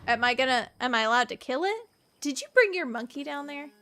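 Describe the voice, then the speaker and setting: A young woman from the American South streaming a point-and-click game, excitable and jokey, laughing and gasping often. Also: high-pitched, fairly quick. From Southern United States. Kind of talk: casual gameplay commentary. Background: faint game music.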